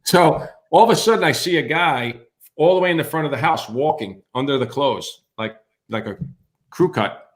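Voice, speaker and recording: A man's voice: a little high, moderate pace. A man, a firefighter on a podcast, telling a story in casual chat and acting out the voices of the people in it. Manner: animated, acts out other voices.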